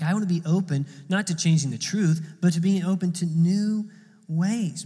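A man's voice: on the high side, a little mellow, long reverb tail. A man preaching a sermon in a conversational way, often repeating words as he goes. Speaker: pastor.

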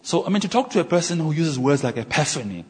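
A man preaching a sermon, telling stories and acting out conversations in an animated way. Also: on the high side, husky. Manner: animated, acts out dialogue with pauses and exclamations. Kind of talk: sermon storytelling. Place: church. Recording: echoey church hall.

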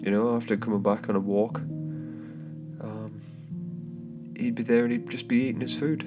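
A man's voice: on the low side, fairly even intonation, moderate pace. A man hosting a solo podcast, telling a travel story in a rambling, casual way with lots of fillers, restarts and chuckling asides. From England. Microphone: home microphone. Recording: guitar bedding music under the voice. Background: soft guitar background music.

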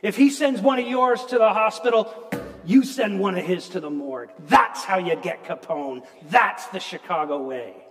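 A man playing a tough, hard-nosed veteran beat cop with a Scottish accent and gruff, menacing delivery. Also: high-pitched, normal speed, in a large hall, close to an everyday voice.

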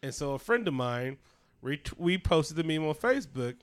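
A man with a slightly higher, smooth and resonant voice, chatting casually on a podcast. He tells stories loosely, swearing freely and laughing often. His delivery is loose and lively, full of asides. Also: normal speed. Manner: profane, laughing storyteller. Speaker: podcast co-host. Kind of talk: casual chat.

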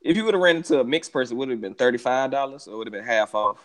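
A man's voice: medium pitch, lively intonation, rapid-fire. A man co-hosting a podcast in slangy casual banter, joking and laughing a lot. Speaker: podcast co-host.

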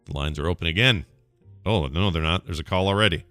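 A man's voice: low voice, fast, pushed and bright, no echo, faint music behind. A man hosting a casual call-in podcast, chatty and jokey, laughing often. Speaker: podcast host. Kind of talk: casual call-in show chat.

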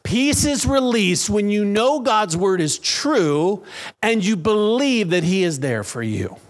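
A man preaching a sermon as pastor in a church, with slow, emphatic phrases and pauses. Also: sits high, sing-song.

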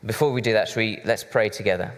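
A man's voice: fairly low pitch, fast. A man preaching a sermon, conversational and chatty with side remarks. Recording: reverberant hall.

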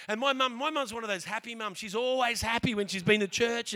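Male preacher, Australian, animated sermon storytelling, bright and forceful tone. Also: very high-pitched, fast talker. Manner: animated, repeats words as he speeds along.

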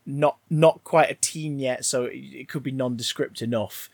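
A man's voice: medium pitch, normal speed, gravelly, darkish tone, breathy edge, no room sound. A man casually discussing a film, rambling and swearing with frequent restarts.

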